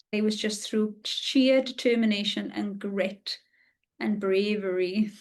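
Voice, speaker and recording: Podcast host, woman, thirties, middle-pitched voice, candid first-person storytelling, confessional and open.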